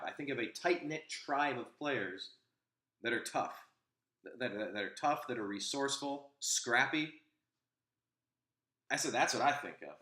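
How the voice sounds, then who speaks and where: A man's voice: medium pitch, pushed and bright, roomy sound. A man hosting a casual opinion chat, telling a rambling anecdote with frequent restarts. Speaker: host.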